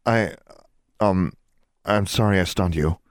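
A man's voice: low-pitched, takes it slowly, no room sound, studio quality. A man voicing a hurt but commanding young witch who gives orders. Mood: urgent. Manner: forceful, commanding.

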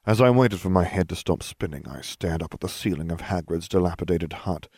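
A man's voice: low voice, fairly quick, a little mellow, breathy edge, no room sound, clean studio sound. A man narrating a first-person fantasy story aloud with wry storytelling. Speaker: audiobook narrator.

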